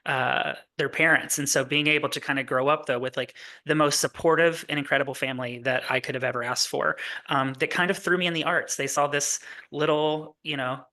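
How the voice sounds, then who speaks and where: Chatty guy from kentucky, bright voice, rambly, lots of ums and laughing. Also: fairly high pitch, steady tone, fairly quick, hardly any pauses. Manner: chatty, rambling with many fillers, laughs often. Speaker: guest, musical writer. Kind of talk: casual interview chat.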